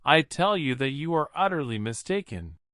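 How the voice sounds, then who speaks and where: A man reading an audiobook voices a calm elderly male professor who speaks in a measured, smiling, coolly provoking way. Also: a little high, no echo, clean studio sound. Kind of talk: audiobook character voice.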